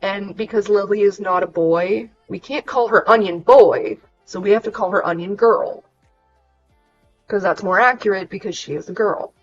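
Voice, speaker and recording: A woman's voice: medium pitch, moderate pace, husky, muffled recording, faint music behind. A young woman, venting frankly and swearing freely on a casual livestream. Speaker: streamer.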